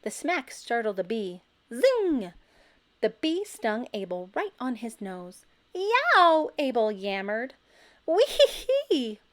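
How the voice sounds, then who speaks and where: Slow, lively woman reading a picture book. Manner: expressive, bursts into loud high character calls. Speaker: storybook reader. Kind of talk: children's picture book read-aloud.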